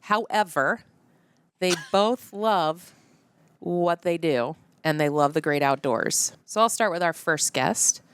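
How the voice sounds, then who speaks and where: A woman's voice: fairly low pitch, slow pace, clear, resonant tone, dry recording. A woman co-hosting a show, casually introducing guests with playful teasing. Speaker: podcast co-host.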